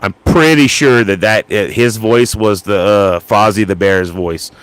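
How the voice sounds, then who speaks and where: A man with a Cajun accent talking casually about doing impressions, rambling with lots of halting restarts. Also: fairly low pitch, clear, resonant tone, no echo. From Louisiana. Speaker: vlogger.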